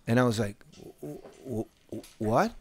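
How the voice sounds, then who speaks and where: A man's voice: mid-range voice, moderate pace, a little hiss or hum. A man in his fifties telling profane, boisterous sales stories in a casual podcast chat. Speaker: podcast host.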